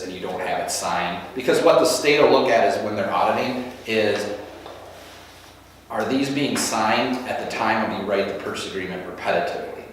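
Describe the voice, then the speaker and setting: A man's voice: lowish voice, a little hiss or hum. A man running a real estate training session, walking through forms step by step in a practical, conversational way. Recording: echoey room from far off.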